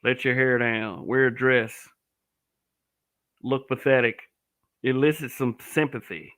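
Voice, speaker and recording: A man's voice: mid-range voice, steady tone, unhurried, a bit bright. A man giving blunt, profane commentary, often restarting and stammering over his words. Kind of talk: casual commentary to camera.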